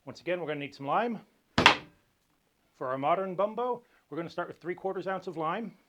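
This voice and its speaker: A man's voice: high-pitched, a little fast, a little hiss or hum. A man hosting a cocktail video, explaining drink history and recipes in a dry, lightly joking way. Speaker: cocktail show host. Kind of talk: casual cocktail tutorial.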